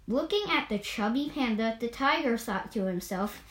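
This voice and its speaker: A woman reading an animal fable aloud with steady, measured narration. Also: on the high side, echoey room. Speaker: storyteller.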